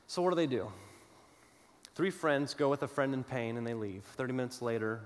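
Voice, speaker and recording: A man preaching a sermon, telling a story with dramatic pauses and moving between loud declarations and hushed asides. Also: mid-range voice. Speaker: pastor. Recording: long hall reverb.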